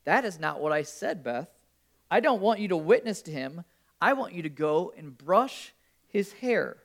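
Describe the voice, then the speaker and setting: A man voicing God as a calm, insistent inner voice in a retold story. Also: high voice, moderate pace.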